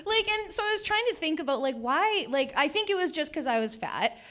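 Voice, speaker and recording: A woman's voice: sits high, big pitch swings, brisk, a bit bright. A young woman from Canada doing a chatty, self-mocking stand-up set at an open mic, laughing at her own jokes. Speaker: stand-up comedian.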